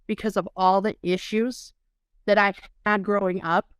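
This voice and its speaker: A woman's voice: mid-range voice, level tone, measured pace, clean tone, no echo, studio quality. A woman guest on an interview show, earnestly recounting her own experience as a patient. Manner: earnest, emotional storyteller. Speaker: dental implant patient guest. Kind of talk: personal story in podcast interview.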